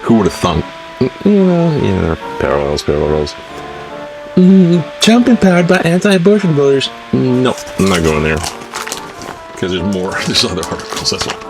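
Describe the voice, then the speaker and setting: A man's voice: mid-range voice, wildly swooping pitch, moderate pace. A man hosting a spoof news show, reading newspaper letters aloud and breaking in with wry, mocking asides. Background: music.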